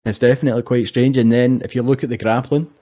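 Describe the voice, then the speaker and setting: A man's voice: mid-range voice, fairly even intonation, fast, mellow. A young Scottish man chatting casually about fights as a co-host, swearing freely and telling stories with animation. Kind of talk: casual sports chat.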